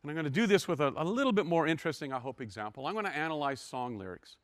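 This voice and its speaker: A man's voice: fairly high pitch, animated, rapid-fire, fairly bright tone, no echo. Older male lecturer, dry close mic, wry and self-deprecating, explains code step by step. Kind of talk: university lecture.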